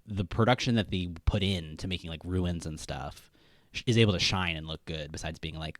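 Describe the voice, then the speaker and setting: A man's voice: sits low, very animated, moderate pace, dry recording, clean studio sound. A man co-hosting a podcast, rambling casually about movies and acting out lines. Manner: rambling, fillers, acts out quotes. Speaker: podcast co-host. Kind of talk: casual film discussion.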